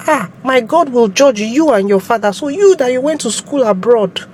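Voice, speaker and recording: A woman's voice: sits high, slight background noise, rough recording. A woman playing a defiant Nigerian shopkeeper. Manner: pleading then scolding, loud and emphatic. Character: young female shopkeeper, aggrieved and defiant. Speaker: evicted shop tenant in a skit.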